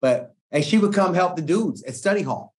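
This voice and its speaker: A middle-aged man, a guest coach, telling stories in a relaxed podcast chat, slangy and animated, often acting out what people said. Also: high voice, normal speed. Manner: animated slangy storytelling, acts out quoted speech. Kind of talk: casual podcast conversation.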